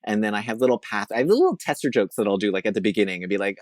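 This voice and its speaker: A man's voice: lowish voice, expressive, racing, few pauses, no echo, clean studio sound. A man from Canada, a veterinarian and comedian, chatting as a guest in a rambling, self-mocking way. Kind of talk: casual interview chat.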